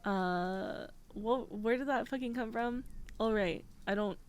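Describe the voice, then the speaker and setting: A woman streamer chatting candidly and haltingly on a livestream, teary and sniffling, swearing often. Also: medium pitch, darkish tone. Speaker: VTuber streamer. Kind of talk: casual livestream chat.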